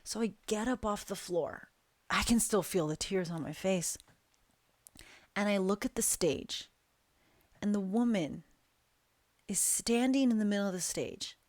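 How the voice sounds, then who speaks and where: A woman tells a frightening dream in a hushed, deliberate manner. Her pace is very slow, with long pauses. Her pitch sits in a plain middle range, and the sound is dry and close. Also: animated, no echo. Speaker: guest storyteller. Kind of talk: dramatic personal storytelling.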